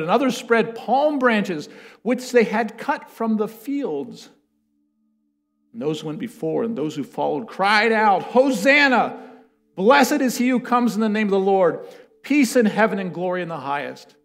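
A high-pitched man preaches a sermon and reads scripture aloud, swinging between loud declarations and hushed words.

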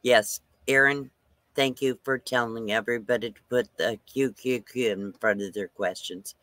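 A man's voice: medium pitch, fairly even intonation, normal speed, bright, forceful tone, no room sound. An older man hosting a livestream, telling a rambling story casually and chuckling often between lines. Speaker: livestream host.

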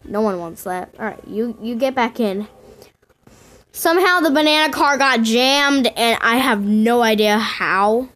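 A woman giving casual game commentary to her viewers in an excitable way, often squealing and gasping. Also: fairly high pitch, a little slow, slight background noise. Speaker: gaming video host.

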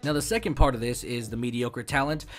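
A man's voice: medium pitch, fast talker, soft background music. Rambling, swearing young male YouTuber. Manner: rambling and profane, with frequent stumbles and fillers. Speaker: YouTube gaming host. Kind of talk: casual tutorial.

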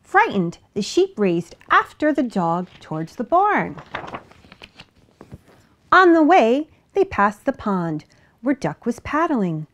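A woman reading a children's picture book aloud with an expressive, animated delivery. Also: fairly high pitch, slow pace. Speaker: storybook reader. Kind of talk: children's story read-aloud.

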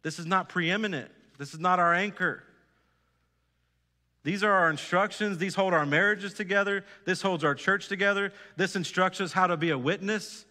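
A man's voice: high voice, normal speed, sharp tone. Preaching man in a reverberant church. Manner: earnest preaching with repeated phrases and direct questions to the congregation. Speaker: pastor. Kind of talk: sermon. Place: church sanctuary.

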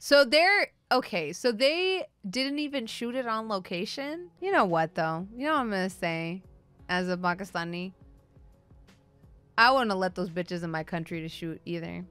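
Woman streamer, bright edgy voice, rambling profane sarcastic rant, casual commentary, faint music underneath. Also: medium pitch, lively intonation, normal speed, clear, resonant tone. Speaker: streamer host.

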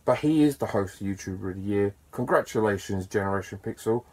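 A man talking casually to camera as a YouTuber, chatty and enthusiastic, with bursts of excitement and self-deprecating asides. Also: fairly low pitch, quick pace, hardly any pauses. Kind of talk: casual to-camera vlog talk.

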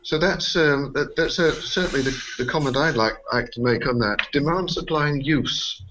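A man's voice: fairly high pitch, normal speed, fairly bright tone, highs cut off, slight background noise. A man moderating a panel discussion at a conference, hesitant and repeating words as he searches for phrasing.

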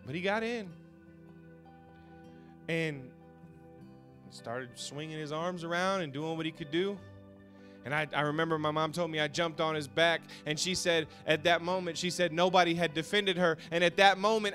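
Male pastor with a high, bright voice, emotional testimony that swings from hush to shout, faint music under him. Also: clear, resonant tone. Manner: swings from hushed storytelling to shouted passion; halting, repeats words when moved. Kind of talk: emotional personal testimony sermon.

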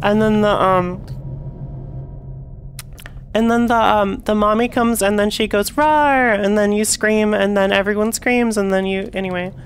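Young woman game streamer, chatty, quick to curse; light hiss in the background. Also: mid-range voice, little pitch movement. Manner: chatty, swears and yells when frustrated. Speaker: VTuber streamer. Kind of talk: casual gameplay commentary.

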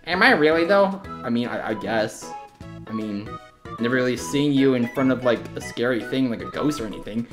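A woman's voice: lively intonation, moderate pace, over music. A woman doing a timid, mumbling Luigi. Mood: unsure. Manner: hesitant, trailing off, lower and quieter. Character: timid plumber Luigi, adult man, unsure. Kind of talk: fan reaction video skit.

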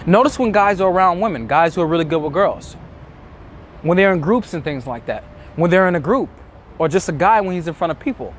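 A man's voice: sits high, animated, brisk, a little hiss or hum. A man talking as a dating coach, emphatic and acting out the inner thoughts of nervous men. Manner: emphatic, acts out inner thoughts in quoted asides. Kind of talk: motivational talk to camera.

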